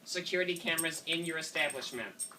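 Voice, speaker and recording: A man's voice: fairly high pitch, quick pace, lightly acted. A man on a prank call, playing a fussy, indignant father who rambles and keeps calling the manager sir. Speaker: prank caller. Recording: distant mic with faint noise.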